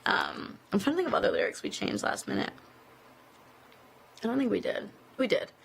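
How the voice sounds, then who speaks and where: Chatty woman with a gravelly edge. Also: fairly high pitch, wildly swooping pitch, moderate pace, slight background noise. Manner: chatty and rambling, full of "like" fillers. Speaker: singer answering fan questions. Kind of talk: casual live Q&A chat. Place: office building indoors. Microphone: phone streaming live video.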